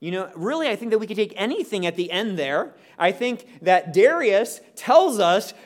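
Expressive man reading scripture aloud. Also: high-pitched, normal speed. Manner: reads expressively, breaks in with casual asides; asks the group questions, informal. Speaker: Bible teacher.

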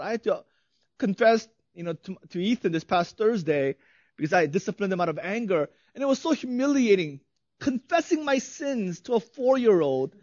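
A man's voice: extremely high pitch, no echo, muffled recording. A man in his thirties preaching a sermon as a pastor, conversational, often asking "right?" and laughing lightly.

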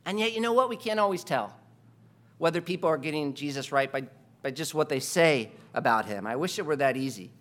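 A man preaching a sermon, emphatic and full of rhetorical questions, moving between quiet asides and loud stresses. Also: fairly high pitch, expressive, fairly quick.

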